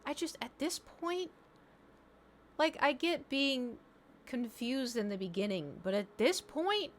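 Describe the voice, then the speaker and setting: A woman's voice: sits high, lively intonation, takes it slowly, a little hiss or hum. A woman streamer chatting casually, telling rambling stories and talking to her cat.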